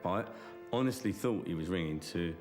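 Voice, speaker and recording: A man in a documentary interview, speaking haltingly and reflectively. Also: sits low, animated, a little mellow, soft background music. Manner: halting, reflective, many fillers.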